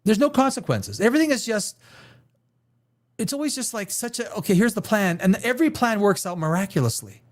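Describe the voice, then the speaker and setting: A man's voice: high voice, sing-song, fairly quick. A man hosting a live stream show, chatting casually at his desk, rambling and sarcastic, swearing now and then and mocking others in put-on voices. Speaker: podcast host. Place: home room, sitting at a desk chair.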